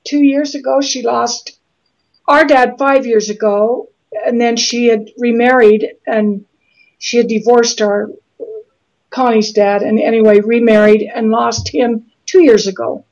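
A middle-aged woman from Utah, speaking earnestly and haltingly as an author in an interview, often restarting her sentences. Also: on the high side, fairly even intonation, darkish tone. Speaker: guest author. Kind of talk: interview conversation. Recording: slightly dull lo-fi audio.

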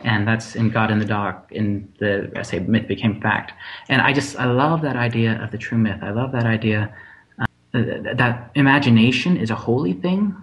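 A man's voice: lowish voice, normal speed, rough recording. Hesitant man musing on stories. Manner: hesitant, repeats words and restarts often. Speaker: playwright guest. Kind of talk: casual conversation.

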